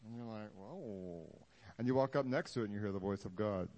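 A man's voice: lowish voice, racing, a little mellow. A man preaching a sermon in a casual, joking way, acting out the Bible scenes he talks about for the congregation. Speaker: pastor.

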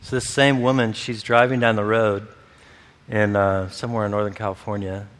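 A man's voice: on the low side, little pitch movement, moderate pace, fairly bright tone. A man preaching a sermon, telling stories with laughter and acting out the voices of people in them. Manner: storytelling, acts out quoted voices, laughs often. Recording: long hall reverb.

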